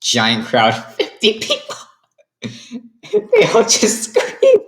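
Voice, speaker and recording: A woman casually retelling the plot of her own improvised series, rambling with deadpan asides. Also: fairly high pitch, takes it slowly, long pauses, noisy background. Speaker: series creator recapping an episode.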